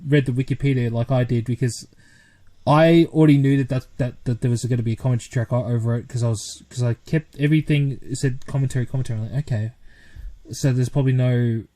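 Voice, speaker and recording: A man co-hosting a podcast, chatting in a relaxed way with hesitant restarts. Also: mid-range voice, fast talker. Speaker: podcast co-host. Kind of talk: casual chat. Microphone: podcast microphone.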